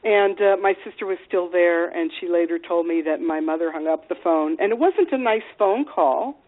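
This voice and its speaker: A woman's voice: lowish voice, normal speed. Frank woman telling stories over a phone line. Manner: frank and animated, with many fillers. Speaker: interview guest. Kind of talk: candid personal storytelling. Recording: phone-like radio interview line.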